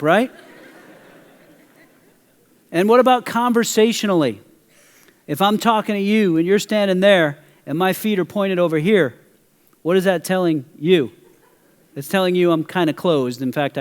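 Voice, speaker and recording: A middle-aged man preaching from the pulpit, moving between teaching and an animated personal story. His voice sits somewhat high, and a long hall reverb trails every phrase. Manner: animated, acts out a story with quoted voices and audience questions. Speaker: pastor. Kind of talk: sermon with storytelling.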